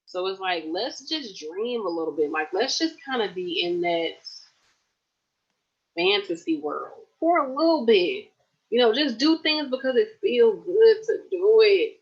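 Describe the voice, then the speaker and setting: A woman in her late twenties chatting casually and warmly to her livestream viewers, calling them y'all. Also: mid-range voice, very animated, moderate pace, slightly rough, dull audio. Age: late 20s. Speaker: nurse vlogger. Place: at home.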